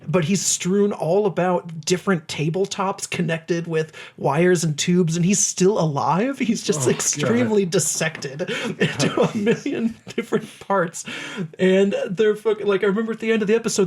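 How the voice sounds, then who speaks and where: Excitable swearing podcast guy, slightly high voice. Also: normal speed, husky. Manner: excitable, swears a lot, laughs while telling stories. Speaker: podcast co-host. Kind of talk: casual chat.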